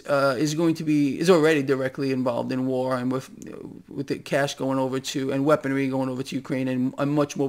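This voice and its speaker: A man blogging to viewers in an impassioned monologue, firing off rhetorical questions and repeating himself, swinging from loud outbursts to low mutters. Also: creaky. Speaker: finance video blogger.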